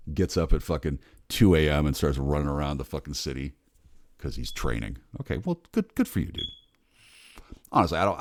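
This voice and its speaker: A man in his forties, rambling in a bitter, sardonic, heavily profane monologue, muttering low and then bursting out loud. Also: dry recording, clean studio sound. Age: 40s. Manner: bitter, sardonic, swears a lot. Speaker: vlogger.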